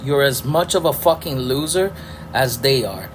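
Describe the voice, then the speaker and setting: A man's voice: mid-range voice, lively intonation, moderate pace, background noise. A middle-aged man hosting a podcast, ranting angrily with profanity and sarcastic rhetorical questions. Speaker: podcast host. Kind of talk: ranting political commentary.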